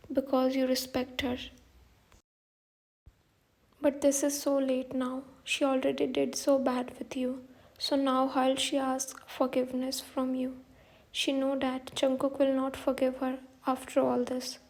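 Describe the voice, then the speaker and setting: A woman's voice: high-pitched, a little mellow. A woman narrating a fan fiction story in a plain, level reading with simple grammar.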